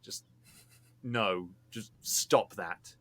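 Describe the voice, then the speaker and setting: A man's voice: lowish voice, drawn-out words, pushed and bright. A man co-hosting a casual podcast chat, talking in an emphatic, teasing way. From not American. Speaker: podcast co-host.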